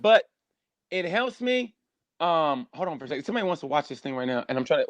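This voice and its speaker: A man, a stand-up comedian, telling stories in a rambling, animated way during a casual podcast chat. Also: fairly high pitch, fast talker, no room sound, highs cut off. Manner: animated, rambling storyteller, acts out voices.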